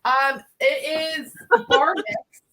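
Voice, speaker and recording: A woman's voice: high voice, extremely slow, pushed and bright. A woman hosting a casual livestream chat, chatty and laughing often, with many fillers. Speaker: paranormal channel host.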